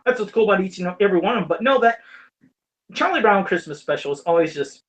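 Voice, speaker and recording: A man's voice: high voice, lively intonation, quick pace. Rambling, laughing podcast host man. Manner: rambling, laughs often, swears casually. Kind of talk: casual chat.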